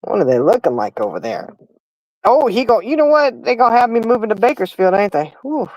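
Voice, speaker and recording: A middle-aged woman hosts a livestream, telling stories in casual chat, laughing often and calling her listeners "y'all." Her voice is on the high side, sing-song and a little fast, with a darkish tone. The recording is dry and muffled.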